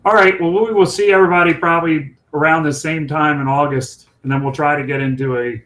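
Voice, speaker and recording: A man's voice: on the high side, fairly even intonation, brisk, fairly bright tone, low-quality recording. A man co-hosting a casual chat show, talking in a rambling, chatty way. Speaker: co-host.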